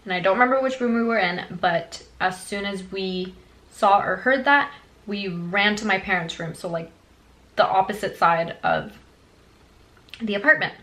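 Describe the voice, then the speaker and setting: A young woman vlogger telling a childhood story in a chatty, animated way, full of fillers. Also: mid-range voice, moderate pace, low-quality recording. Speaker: beauty vlogger. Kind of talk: storytime vlog.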